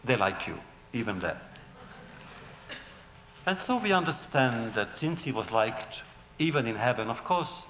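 A man giving a storytelling lecture, telling old tales with lively rhetorical questions, recorded in a large lecture hall. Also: medium pitch, a little hiss or hum.

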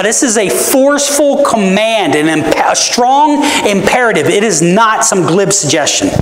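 Lively, echoey preacher in a church. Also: mid-range voice, slight background noise. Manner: conversational preaching, asks the audience "right?" often; emphatic, with rhetorical questions. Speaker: pastor. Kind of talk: sermon. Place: church sanctuary. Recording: roomy church echo.

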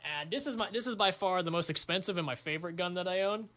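A young man hosting his own channel, chatting casually in a crude, excitable way, swearing often. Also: high voice, fast, noisy background. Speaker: channel host. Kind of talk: casual vlog chat.

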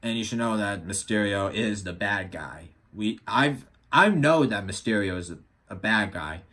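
A man's voice: fairly low pitch, animated, moderate pace, a bit bright. Teenage boy rambling about movies. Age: teens. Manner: rambling, with frequent restarts. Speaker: vlogger. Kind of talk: casual vlog commentary.

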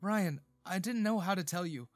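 A man's voice: sits high, normal speed, voice pushed up, lightly acted. A man voicing a heartbroken young man who pleads through tears, his voice shaking. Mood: pleading.

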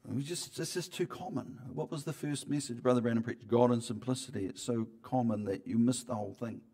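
A man preaching a sermon in church, talking conversationally with frequent restarts and swings between loud emphasis and quiet asides. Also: mid-range voice, brisk. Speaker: pastor.

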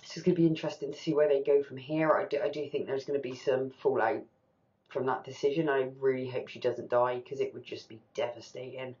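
A woman's voice: extremely low pitch, steady tone, a little fast, darkish tone, dull audio. A woman hosting a TV reaction channel, talking candidly and with animation, swearing casually as she reacts.

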